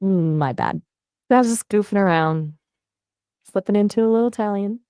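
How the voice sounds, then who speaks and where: A synthetic-sounding woman's voice as an AI conversation partner, upbeat and playful, with lively jumps in pitch. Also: normal speed, no echo, clean studio sound. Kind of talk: chatty voice assistant conversation.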